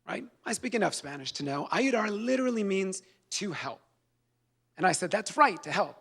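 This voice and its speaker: Gravelly-voiced man giving heartfelt speech. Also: high-pitched. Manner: earnest, heartfelt storytelling with light humor. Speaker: award recipient, public defender. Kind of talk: award acceptance speech. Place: event hall.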